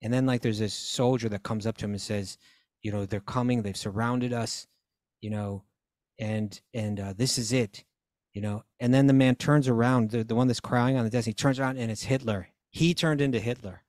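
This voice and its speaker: A man's voice: medium pitch, fairly even intonation, moderate pace, a little mellow, no room sound, clean studio sound. A man casually retelling a story on a talk show, acting out the voices and laughs of the characters as he goes. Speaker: podcast co-host.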